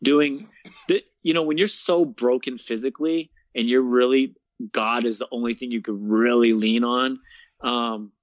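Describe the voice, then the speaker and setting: A young man, a guest, casually telling his story in an interview, animated and laughing often, peppering his talk with "man" and "bro.". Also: mid-range voice, a little slow, no echo. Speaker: guest, fitness coach and speaker. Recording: dull, dry lo-fi sound.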